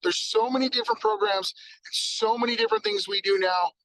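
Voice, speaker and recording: A man giving an energetic sales training talk, acting out exchanges with customers. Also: sits high, fairly quick, no room sound, low-quality recording.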